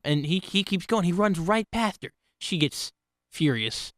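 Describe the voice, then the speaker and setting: A man's voice: on the high side, expressive, normal speed, fairly bright tone, no echo, clean studio sound. A man telling personal stories in a casual, rambling way, often restarting and correcting himself. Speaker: channel host telling stories. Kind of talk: casual spoken storytelling.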